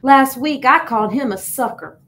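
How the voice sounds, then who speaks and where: A woman's voice: mid-range voice, moderate pace, a little mellow, slight background noise, natural voice. Gilbert, a woman voicing a sulky young shark. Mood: sad. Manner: pouting, plaintive. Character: young male shark, sulky then cheerful.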